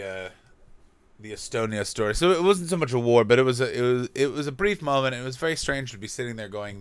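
A man's voice: mid-range voice, expressive, fast, clear, resonant tone, soft background music. A man from Canada doing a rambling, profane comic monologue as a podcast host.

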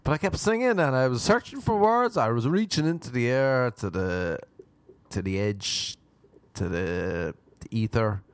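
A man's voice: medium pitch, expressive, unhurried, smooth, dry recording. A man hosting a podcast, riffing in a crude, sarcastic comedic monologue full of mocking impressions. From abroad, living in America. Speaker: podcast host.

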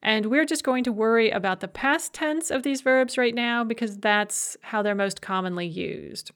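Woman, language teacher, recorded grammar lecture, clear step-by-step explaining, slightly high voice. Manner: clear, methodical explaining, slowing to spell out forms.

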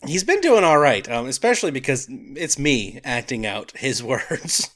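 A man co-hosting a comedy podcast in casual chat, wry and quick to laugh. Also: mid-range voice, very animated, fairly bright tone. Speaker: podcast co-host.

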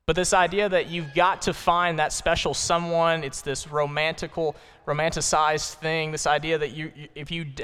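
Male pastor, sermon, conversational and emphatic, rhetorical questions, smooth resonant voice, long church reverb. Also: fairly high pitch, a bit bright. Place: church sanctuary.

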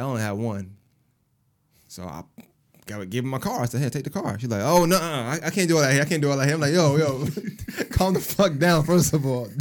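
A man in his thirties telling stories in a casual chat, animated and laughing, acting out what people said. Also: medium pitch. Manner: animated, laughing, cursing, acts out quotes. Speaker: podcast co-host.

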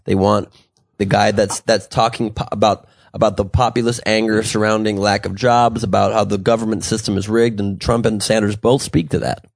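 A man's voice: on the low side, level tone, normal speed, creaky, no room sound, clean studio sound. A man co-hosting a podcast, joking and rambling through casual political banter. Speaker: podcast co-host.

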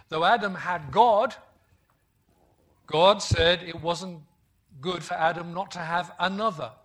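A man's voice: sits high, fairly bright tone. A middle-aged man from the West Midlands of England, preaching a sermon with emphasis, repeating key phrases and asking the congregation questions.

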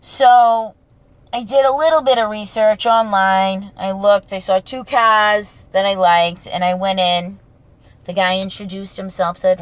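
A woman with a thick Boston accent and a gravelly voice, hosting her own podcast as a brash, profane storyteller in a casual solo monologue. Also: medium pitch, fairly even intonation, measured pace, dry recording. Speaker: podcast host.

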